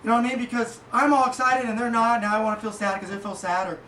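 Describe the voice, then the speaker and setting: A man giving a casual motivational monologue as a podcast host, rambling and halting with many fillers. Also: extremely high pitch, level tone, sharp tone. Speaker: podcast host and small business owner. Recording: echoey room, distant mic, faint noise.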